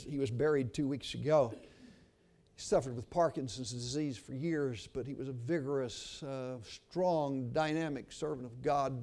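An older man preaching a sermon, telling a story and then praying, earnest and swinging from hushed to emphatic. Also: mid-range voice.

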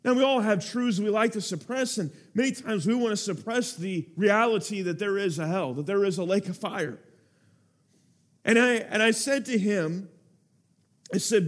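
A man's voice: high voice, normal speed. A man preaching a sermon, telling a story with earnest feeling and building to urgent appeals to his listeners.

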